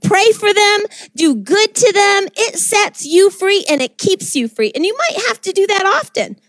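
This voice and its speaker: High-voiced fervent woman preacher. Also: very animated, measured pace, no room sound. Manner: fervent, exhorting, storytelling. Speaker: minister. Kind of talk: preaching to young people.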